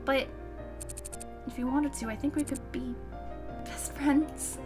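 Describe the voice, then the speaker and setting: A woman hosting her channel, reading a visual novel's narration aloud in an animated, expressive way. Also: high voice, normal speed, music in the background.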